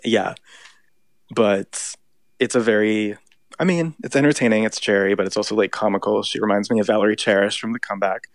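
A man's voice: fairly low pitch, fairly quick, no room sound. A man co-hosting a casual pop culture podcast, chatty and full of "like" fillers. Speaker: podcast co-host. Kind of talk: casual chat about pop music.

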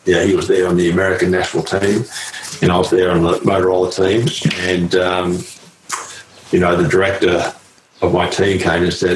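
A man's voice: low-pitched, little pitch movement, moderate pace. A middle-aged Australian man, a former pro cyclist, telling stories casually with lots of fillers and mild swearing. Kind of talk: casual anecdotal storytelling. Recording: roomy echo, faint ambient noise.

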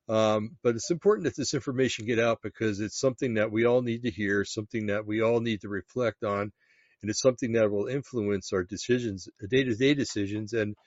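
A man casually talking through a web page on screen, pausing often with ums and restarts. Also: on the low side, dry recording. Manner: halting, many ums and restarts. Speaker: vlogger reading a web page aloud. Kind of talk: casual screen-share commentary. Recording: dull, lo-fi, dry sound.

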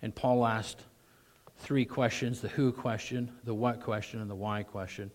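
A middle-aged male pastor preaching a sermon, animated, his voice rising sharply when he mocks with sarcasm, often clearing his throat. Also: on the low side, measured pace.

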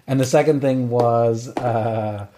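A man's voice: medium pitch, steady tone, slow pace, dark tone, a little hiss or hum. A man co-hosting a podcast in casual chat, enthusiastic and swearing, quoting characters as he goes. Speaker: podcast co-host.

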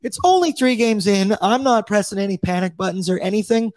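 A man's voice: high voice, a little fast, darkish tone, dry recording. A man hosting a casual hockey talk show, upbeat, reading viewers' chat comments aloud and tossing questions to his co-hosts. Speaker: podcast host.

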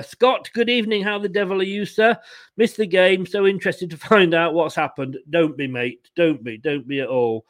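A man with a high-pitched voice, hosting a fan live stream. He rants in an exasperated, sarcastic way and reads viewer comments aloud between his complaints. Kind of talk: ranting live-stream chat.

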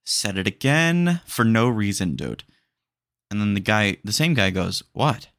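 Gravelly low-voiced guy rambling excitedly. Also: a little slow, no echo, clean studio sound. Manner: excitable and rambling, peppered with "dude". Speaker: podcast host. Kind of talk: casual chat.

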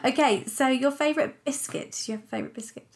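A woman hosting an interview, warmly affirming her guest and asking questions. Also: sits high, quick pace, a little hiss or hum. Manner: enthusiastic, affirming. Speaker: podcast host.

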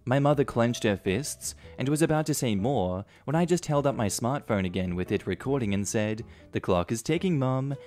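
A man's voice: mid-range voice, normal speed, few pauses, soft background music. Man narrating an online story. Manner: steady, matter-of-fact storytelling. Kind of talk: scripted narration of online stories.

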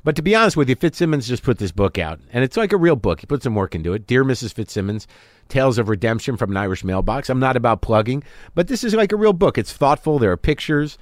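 Here a home-studio podcast host swears freely, mocks himself, and acts out both parties in made-up spats during candid talk and chat. His medium-pitched voice is very animated and quick, and the sound is dry and clean.

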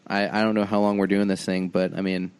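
A man's voice: low voice, level tone, quick pace, a little mellow, clear, resonant tone. A man as podcast guest in casual chat, laid-back and trailing off.

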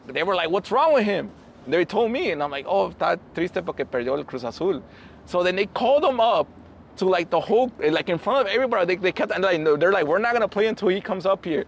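Fast-talking man telling a story outdoors. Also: a little high. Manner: fast, laughing storyteller mixing English and Spanish. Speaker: podcast host. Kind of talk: casual chat, storytelling. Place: outdoors by a street. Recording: faint street traffic behind.

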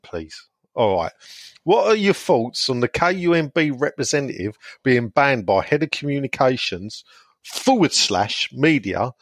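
A man's voice: mid-range voice, no room sound, clean studio sound. A man hosting a casual podcast, reading listener messages aloud in a jokey, irreverent way. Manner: jokey, irreverent, chuckles between lines.

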